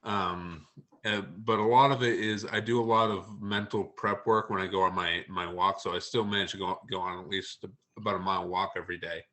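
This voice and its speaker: A man, an author being interviewed on a podcast, speaking hesitantly with many pauses and ums. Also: low-pitched, steady tone, sharp tone. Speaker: author guest. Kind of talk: casual interview chat.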